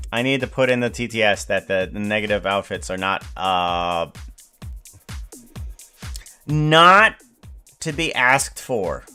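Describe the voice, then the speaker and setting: A male streamer chats live with his viewers in a rambling, halting way, often breaking off and correcting himself. His voice sits fairly low but sounds bright and clear. He speaks unhurriedly. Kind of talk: casual live-stream chat.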